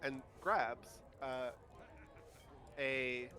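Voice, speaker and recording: A man with a mid-pitched voice plays a tabletop game. He works out his moves aloud, hesitating and filling gaps with lots of fillers. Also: very slow, pushed and bright. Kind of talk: casual game chat.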